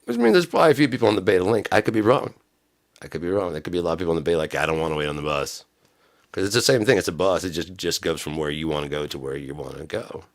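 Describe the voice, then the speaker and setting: A man vlogging, telling a casual story with lively laughs and playing both sides of a chat. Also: low-pitched, very fast. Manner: animated, laughs often, acts out both sides of a conversation.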